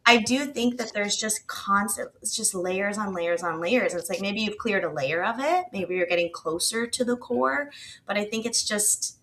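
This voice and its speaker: A woman's voice: medium pitch, normal speed, a bit bright, slight background noise. A woman guest on a casual interview podcast, speaking in a thoughtful, earnest way.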